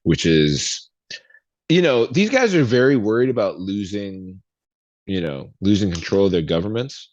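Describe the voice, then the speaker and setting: A man with a low voice chats on a podcast in an easy, laid-back way, walking through the news. The sound is dull and lo-fi, with a dry, close feel and no room echo. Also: very animated, normal speed, darkish tone. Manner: laid-back, reads out news items, chuckles. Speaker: podcast co-host. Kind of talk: casual chat.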